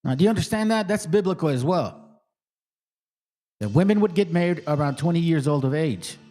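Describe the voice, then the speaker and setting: A man's voice: a little high, expressive, a little fast, mellow. A man hosting a commentary stream, reacting to a clip in a profane, combative way and addressing viewers as fam. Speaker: host.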